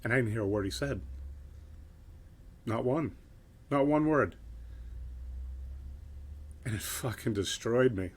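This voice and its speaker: A man's voice: mid-range voice, takes it slowly, pauses often, slightly rough. A middle-aged man giving a motivational talk, telling his own story bluntly, swearing and tagging points with "right?". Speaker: keynote speaker.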